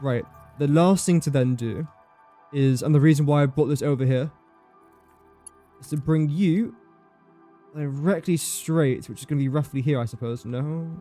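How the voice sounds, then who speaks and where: A chatty young man streaming a building game, his voice pitched a little high but mellow in tone. He jokes about himself and bosses the objects he places around, over faint background music. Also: normal speed, long pauses. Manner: chatty, self-mocking, talks to objects while building. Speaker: livestreaming gamer. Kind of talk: casual game commentary.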